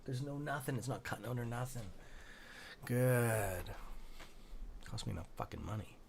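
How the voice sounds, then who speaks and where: Excitable, swearing trading-stream host, a man. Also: mid-range voice, moderate pace, creaky, slight background noise. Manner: excitable, profane, talks to viewers by nickname; mutters asides to himself under his breath. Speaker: stock trading livestream host. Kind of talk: live-streamed market commentary, reading chat.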